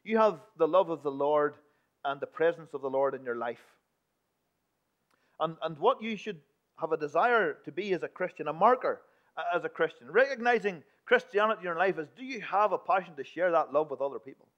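A man preaching a sermon in a church, emphatic one moment and hushed the next. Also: a little high, lively intonation, brisk. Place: church building. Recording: dull lo-fi recording.

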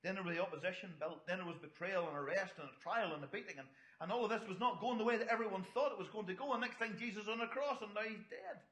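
A man's voice: high voice, fast talker, hardly any pauses, fairly bright tone. A middle-aged man preaching a sermon, chatty and full of asides to the congregation. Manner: conversational, storytelling asides to the congregation. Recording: echoey hall.

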